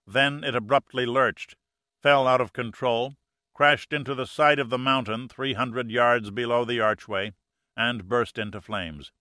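A man narrating an action audiobook in a steady, measured storytelling manner. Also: medium pitch, no echo, studio quality. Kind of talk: scripted narration.

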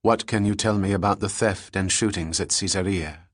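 A man's voice: low-pitched, moderate pace, no echo, clean studio sound. A man reading an audiobook, voicing a female antiquities agent who asks direct, pressing questions. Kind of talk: audiobook character voice.

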